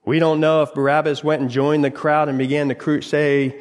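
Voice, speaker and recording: Preacher in a reverberant church hall. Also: male voice, on the high side, level tone, brisk. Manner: dramatic storytelling, broken into short phrases. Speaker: pastor. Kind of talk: sermon.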